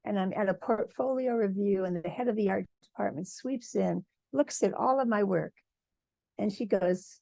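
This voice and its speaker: A woman from Michigan, a textile artist, giving a lively personal talk at a symposium and acting out quoted dialogue. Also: mid-range voice, moderate pace, creaky, husky, dry recording. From Michigan, USA. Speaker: guest speaker, textile artist.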